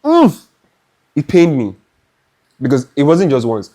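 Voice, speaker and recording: A young Nigerian man with a Nigerian accent, telling a lively, dramatic story in a chatty clothing haul vlog. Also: medium pitch, normal speed. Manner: animated, dramatic, restarts often. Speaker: fashion vlogger.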